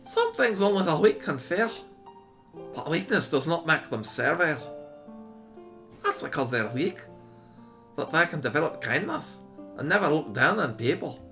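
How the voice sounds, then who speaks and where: An earnest game character with a put-on Scottish accent, read out by a man, preaching a heartfelt speech. The lilting pitch rises and falls freely. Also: sing-song, normal speed, pauses often, bright, forceful tone, soft background music, heavily acted.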